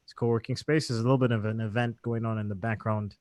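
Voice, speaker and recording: A man hosts a casual live podcast from a co-working space, talking in a chatty way with lots of restarts. His voice sits low, and the sound is dry and close. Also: fairly even intonation, fast, darkish tone, no room sound. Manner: chatty, laughs often, many restarts. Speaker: podcast host. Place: co-working space with an event in background. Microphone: desk microphone on live stream.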